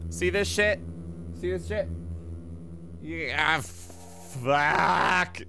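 Profane, excitable woman streamer. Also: lowish voice, very slow, gravelly, low-quality recording. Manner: profane, excitable, mocking, talks to the game. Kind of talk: let's play commentary. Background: loud game music.

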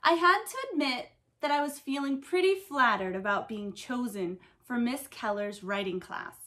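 Expressive woman reading a storybook. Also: fairly high pitch, normal speed. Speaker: teacher reading aloud. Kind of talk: reading a picture book aloud.

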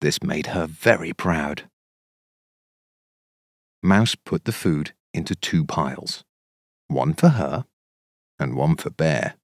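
A man narrating a children's storybook in an expressive, measured, sing-song way. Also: a bass voice, vocal fry, no room sound, clean studio sound.

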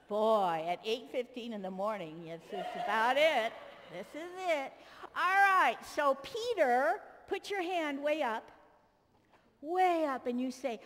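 Animated woman pastor in an echoey church. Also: sits high, unhurried. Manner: coaxing, directs children like a teacher with cheerful prompts. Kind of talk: children's sermon with a Bible story acted out. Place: church sanctuary. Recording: long echo of a large church.

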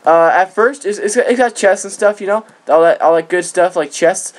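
A man hosting his gaming channel, rambling through casual gameplay commentary with jokey boasts and excited outbursts. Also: high voice, moderate pace. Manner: rambling with frequent restarts.

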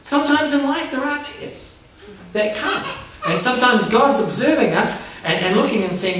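A man preaching a sermon to his church, animated and often laughing, calling out for amens. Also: sits high, normal speed. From New Zealand. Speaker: pastor. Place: church hall. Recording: very echoey hall, voice from far off. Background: congregation answering.

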